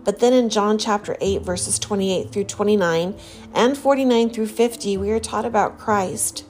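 A woman giving a devotional talk in an earnest, measured way, reading scripture passages aloud between her own reflections. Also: mid-range voice, darkish tone. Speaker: religious speaker. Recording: faint music behind the voice.

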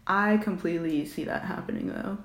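A woman's voice: fairly low pitch, a little fast. A woman in casual podcast chat, reacting bluntly and swearing casually. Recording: roomy echo.

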